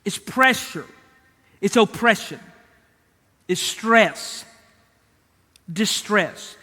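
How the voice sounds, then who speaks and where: A man's voice: high-pitched, bright, forceful tone, big-room sound. A male pastor preaching a sermon, speaking emphatically, repeating key words and addressing the congregation directly.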